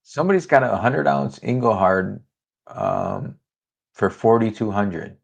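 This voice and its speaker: A man with a fairly low voice, speaking in a relaxed, unhurried way. He co-hosts a livestream at a desk mic, reading out items and chat comments in plain casual talk. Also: gravelly, husky. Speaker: co-host of a precious metals livestream.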